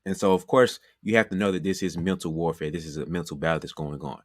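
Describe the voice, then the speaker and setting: Deep-voiced male basketball trainer. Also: steady tone, fast, no echo, clean studio sound. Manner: conversational, repeats phrases, frequent "you know". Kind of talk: motivational coaching talk.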